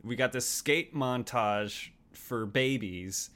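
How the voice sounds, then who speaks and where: A man's voice: mid-range voice, slow, fairly bright tone. A man with a mid-range voice co-hosts a casual movie-review podcast. He talks in long, emphatic runs, piling up points as he critiques. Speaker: podcast co-host.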